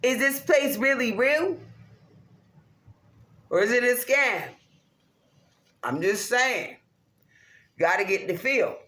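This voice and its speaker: A woman's voice: a little high, slow pace, long pauses. Profane ranting woman in an echoey room. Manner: profane, animated, laughing often. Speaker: vlogger. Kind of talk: casual rant to camera. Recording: roomy echo.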